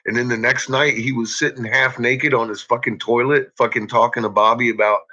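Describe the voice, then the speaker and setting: A man's voice: medium pitch, fairly even intonation, fairly quick, bright, forceful tone, slight background noise. A man chatting to viewers on a live stream, rambling and swearing heavily. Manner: profane, rambling, heavy cursing. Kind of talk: casual live-stream chat. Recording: dull lo-fi recording.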